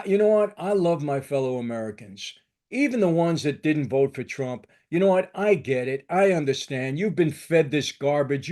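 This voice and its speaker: Older man, slightly high voice, combative political rant, emphatic, repetitive. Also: darkish tone. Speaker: channel host.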